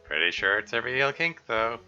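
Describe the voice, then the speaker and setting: A man's voice: mid-range voice, big pitch swings, moderate pace, sharp tone, smooth, faint music behind, pitched above the performer's own voice. A man reading the lines of a cheeky young man, in a joking, teasing way. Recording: slightly dull lo-fi audio.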